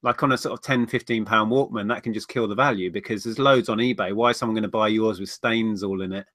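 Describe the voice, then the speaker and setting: A man's voice: lowish voice, steady tone, fast talker, fairly bright tone, no echo, studio quality. A man chatting casually on a livestream, rambling through viewer questions. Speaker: co-host of a reselling livestream.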